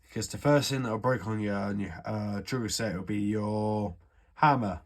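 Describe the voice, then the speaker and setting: A man with a fairly low pitch and moderate pace, from the United Kingdom, shows off an airsoft gun repair. His walkthrough is casual, offhand, rambling and sweary.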